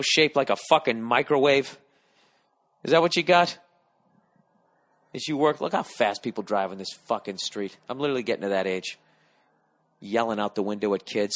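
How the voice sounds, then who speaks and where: A man in his forties talks through a loose solo podcast, swinging between low mumbles and loud, profane rants. His voice sits a little higher than most men's, and his tone stays sardonic and blunt throughout. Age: 40s. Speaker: podcast host. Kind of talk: rambling solo podcast monologue. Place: lying down at home.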